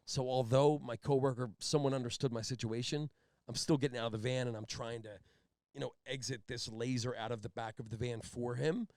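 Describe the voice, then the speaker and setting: A man's voice: mid-range voice, fairly quick, dry recording, studio quality. A man co-hosting a podcast, telling a story in casual chat and acting out the people in it. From Philadelphia area, Pennsylvania. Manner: animated storyteller who acts out the people he quotes. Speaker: podcast co-host.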